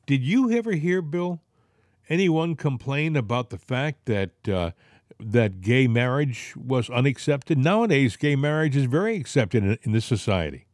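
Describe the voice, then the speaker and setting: A man's voice: medium pitch, sing-song, normal speed, a little mellow, no room sound, clean studio sound. A man with a Boston accent hosting a political talk show, rambling and indignant with plenty of filler words. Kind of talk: casual political chat.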